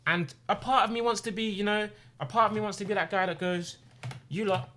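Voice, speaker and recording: A man's voice: high-pitched, fairly even intonation, a little fast, fairly bright tone, slight background noise. A man in his twenties talking on stream, earnest and impassioned, repeating phrases for emphasis. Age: 20s. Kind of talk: emotional personal talk on stream. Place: home streaming room.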